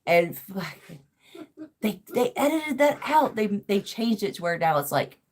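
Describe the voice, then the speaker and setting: A woman's voice: mid-range voice, sing-song, a little slow, darkish tone. A woman, chatting casually as a podcast host, rambling and swearing freely with lots of "like". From American South. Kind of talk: casual chat.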